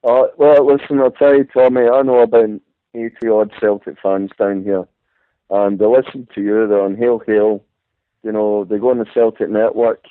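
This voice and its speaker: A man's voice: on the low side, level tone, normal speed, dry recording. A man calling in to a radio show, chatting casually and opening his turns with fillers such as "listen". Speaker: caller. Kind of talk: casual phone-in chat. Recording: tinny dry phone line.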